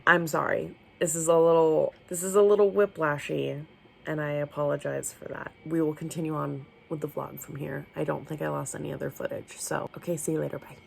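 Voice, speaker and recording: A young woman book vlogger chatting casually at home, swearing freely and gushing about her reading. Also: vocal fry. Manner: chatty, swears casually, talks to her dog in a high baby voice. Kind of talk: casual reading vlog chat.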